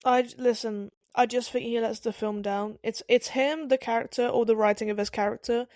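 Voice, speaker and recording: A woman's voice: fairly high pitch, fairly even intonation, a little fast, darkish tone, no echo, studio quality. A woman co-hosting a podcast, giving blunt, opinionated film reviews in casual chat with hesitant restarts. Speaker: podcast co-host.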